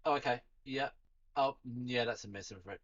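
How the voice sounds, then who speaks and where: A man's voice: mid-range voice, a little fast, a bit bright. A man narrating a tabletop game as game master, chatty and laughing often. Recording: dull lo-fi sound.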